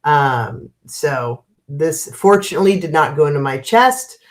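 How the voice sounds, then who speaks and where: A woman's voice: low voice, animated, a little slow. A woman in her fifties with a stuffy, congested nose, chatting casually as host of a live stream and greeting viewers by name with frequent laughs. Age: 50s. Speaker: livestream host.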